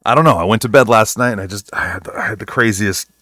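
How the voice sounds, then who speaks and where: A man's voice: lowish voice, quick pace, fairly bright tone, no room sound, studio quality. A man voicing a jumpy, secretive male halfling who mumbles and dodges questions in a tabletop role-play game. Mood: evasive. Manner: evasive, mumbling.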